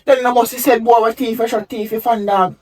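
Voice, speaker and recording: A man playing a fast-talking youth. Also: very high-pitched, steady tone, faint music behind. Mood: defensive. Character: brash young Jamaican man arguing with a friend. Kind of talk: web series acting. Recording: voice picked up from a distance.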